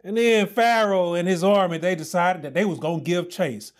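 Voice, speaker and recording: A male pastor preaching a sermon with passion, often shouting and then dropping to low asides. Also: moderate pace.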